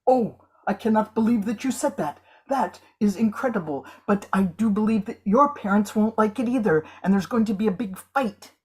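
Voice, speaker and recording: A woman's voice: medium pitch, moderate pace, few pauses, darkish tone, breathy edge. A woman performing comic improv scenes, overacting with mock old English flourishes. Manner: over-the-top theatrical, mock old English. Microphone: video call.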